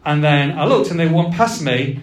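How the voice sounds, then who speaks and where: A man's voice: fairly high pitch, lively intonation, moderate pace, distant mic. A man, co-hosting a live podcast and telling a self-mocking story in a function suite. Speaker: podcast co-host. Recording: roomy live sound from off-mic.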